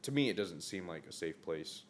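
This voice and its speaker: Tired podcast dude, lowish voice, lots of slang and swearing. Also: male voice, expressive, brisk. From Northern Virginia. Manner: slangy, swears a lot, says bro and like. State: tired, low energy. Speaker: podcast co-host. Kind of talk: casual chat.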